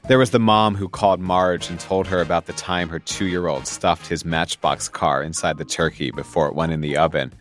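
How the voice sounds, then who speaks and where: A man's voice: low-pitched, steady tone, normal speed, few pauses. A man hosting a radio feature, narrating and interviewing with a wry, conversational manner. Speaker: radio host. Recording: voice over loud background music.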